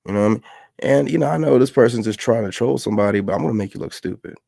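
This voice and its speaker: A man's voice: mid-range voice, rapid-fire, vocal fry, warm tone, no echo, clean studio sound. A man hosting a reaction show, talking bluntly and with profanity. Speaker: commentary host. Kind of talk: casual reaction commentary.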